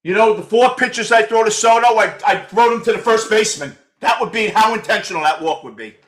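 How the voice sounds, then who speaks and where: A man in his sixties with a New York accent, hosting a fan postgame show, ranting bluntly and profanely and often shouting while he answers viewers' chat. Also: high voice, fairly quick. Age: 60s.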